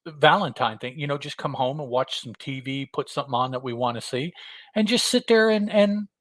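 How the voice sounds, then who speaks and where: A man's voice: medium pitch, brisk, fairly bright tone, no room sound. A middle-aged man co-hosting a podcast, chatting in an easygoing, reflective way. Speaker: podcast co-host. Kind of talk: casual chat.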